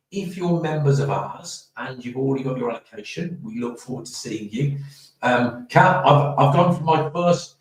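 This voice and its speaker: A man hosting an awards live stream, chatting enthusiastically and rambling with many restarts. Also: on the high side. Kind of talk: casual live stream chat. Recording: very echoey room, far from mic.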